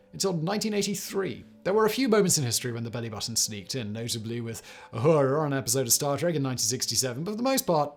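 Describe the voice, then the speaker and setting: Male narrator, mid pitch, scripted list-video read, dry wry asides, faint music behind.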